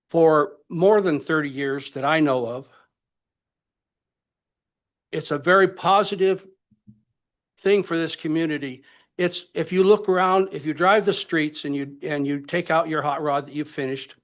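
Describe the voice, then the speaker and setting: Older man, public comment, emotional and halting, fairly high voice.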